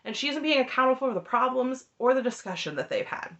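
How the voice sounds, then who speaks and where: A woman's voice: sits high, expressive, fast talker, a bit bright, dull audio. A woman giving an opinionated, sarcastic recap of a reality TV show, laughing often as she talks. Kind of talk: opinionated reaction commentary.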